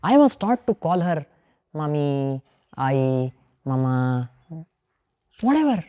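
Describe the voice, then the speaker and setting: Indian woman teacher, low mellow voice, lively storytelling lecture. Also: takes it slowly, smooth. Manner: animated storytelling, acting out the characters' voices. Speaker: yoga and scripture teacher.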